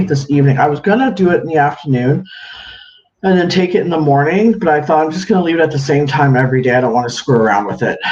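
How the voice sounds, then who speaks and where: Brief: male streamer, slightly high voice, chatty and casual, greets viewers by name; echoey room, dull lo-fi audio. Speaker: livestream host. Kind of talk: casual livestream chat. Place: home room with a counter. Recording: echoey room, dull lo-fi sound, faint hiss.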